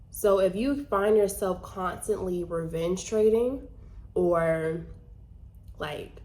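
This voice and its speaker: A woman's voice: medium pitch, darkish tone. Chatty woman vlogging about trading. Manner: chatty, many "like" fillers, earnest. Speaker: vlogger and trader. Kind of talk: casual talk to camera.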